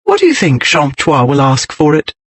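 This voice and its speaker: A man voicing a composed young lady who speaks crisply and teases with dry wit. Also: on the high side, wildly swooping pitch, moderate pace, no echo. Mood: cool teasing. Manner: crisp, poised, dryly teasing. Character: composed, witty young lady, cool and teasing.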